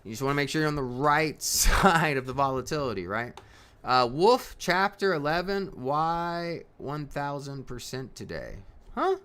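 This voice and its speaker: A man's voice: fairly high pitch, expressive, a little slow, a bit bright, smooth. A man hosting a live stock market stream in casual commentary. He talks in a folksy way, laughs often and keeps asking "right?".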